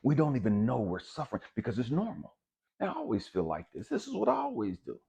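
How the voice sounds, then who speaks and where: A man giving a raw, profane personal testimony, swinging between hushed and loud. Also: mid-range voice, wildly swooping pitch, fast talker, creaky, slightly rough, muffled recording. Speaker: speaker sharing a personal testimony.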